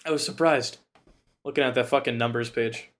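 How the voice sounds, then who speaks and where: A man cohosting a podcast, chatting casually and retelling a film in a rambling, profane, animated way. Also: mid-range voice, brisk. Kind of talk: casual chat.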